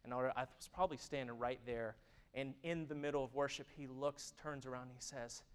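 A man in his thirties preaching a sermon, who moves from loud, emphatic stretches to hushed, intimate ones. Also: mid-range voice, steady tone, a little fast, smooth. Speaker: pastor.

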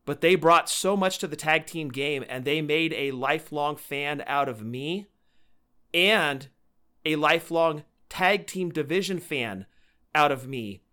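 A man with a bright, somewhat high voice speaking on a casual podcast. He talks earnestly and emphatically, pressing his opinions and dedicating the show with feeling. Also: unhurried, clean tone. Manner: earnest, heartfelt tribute. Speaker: podcast co-host.

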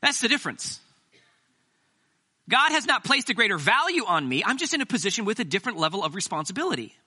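Male pastor, sermon, sharp bright tone, casual joking delivery, slightly high voice. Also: big pitch swings, fast, breathy edge. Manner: conversational, joking, self-deprecating.

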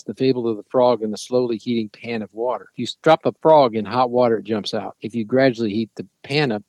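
A man hosting a financial show, explaining bond and stock market numbers in a measured, explanatory way. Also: mid-range voice, a little mellow, no room sound. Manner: measured, explanatory, addresses listeners as folks. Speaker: financial radio host. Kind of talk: market commentary.

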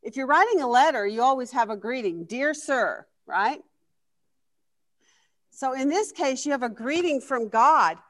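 High-voiced woman teaching a Bible class. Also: animated, unhurried. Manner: enthusiastic, asks the class questions. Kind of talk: interactive Bible lesson.

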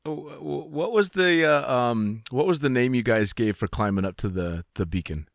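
A man's voice: medium pitch, lively intonation, normal speed, creaky, no room sound, clean studio sound. A man hosting a casual podcast chat, swearing freely and laughing often. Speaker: podcast host.

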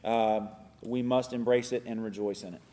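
A man co-teaching a church class, explaining doctrine in an earnest, measured way. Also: medium pitch, fairly even intonation, dark tone. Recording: reverberant hall.

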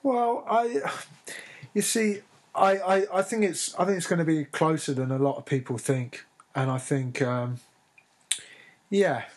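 A man co-hosts a relaxed sports chat, hesitant and given to repeating himself and laughing. His voice sits a little high for a man. It has a husky grain. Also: measured pace.

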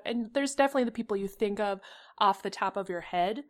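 Chatty woman podcast cohost, dramatic about stuff, mid-pitched voice. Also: fairly quick. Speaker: podcast co-host. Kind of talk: casual chat.

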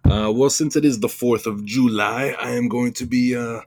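A man co-hosting a podcast in casual chat, making deadpan quips. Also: medium pitch, moderate pace, few pauses, no echo. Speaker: podcast co-host.

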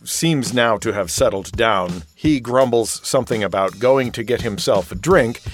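A man narrating as game master of a tabletop game, animated and laughing easily. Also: medium pitch, moderate pace, slight background noise. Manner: animated, laughs between lines.

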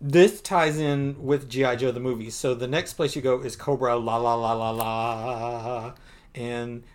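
Guy on a comics podcast chatting loosely, mid pitch, laughs a lot. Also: fairly even intonation, a little slow. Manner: chatty recap, laughing and acting out dialogue. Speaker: podcast co-host. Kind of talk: casual comic book discussion.

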